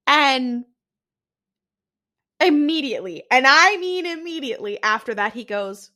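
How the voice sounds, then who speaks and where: A woman's voice: on the high side, slow, pauses often. A woman co-hosting a podcast, recapping an episode in casual chat and acting out the characters' dialogue. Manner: animated retelling with quoted dialogue and frequent laughs. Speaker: podcast co-host.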